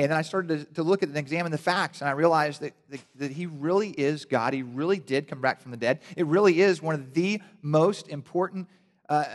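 Guy preaching loose and jokey, kinda high voice, big echoey hall. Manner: casual, animated preaching with joking asides and frequent restarts. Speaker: pastor. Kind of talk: sermon. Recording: long hall reverb.

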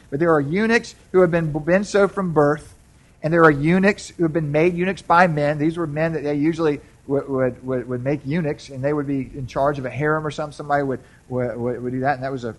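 A man with a somewhat high voice preaches a Sunday sermon in a church. He talks to the congregation in a conversational way, restarts his phrases often, and keeps asking whether they follow him. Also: fairly even intonation, fast. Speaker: pastor. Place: church sanctuary.

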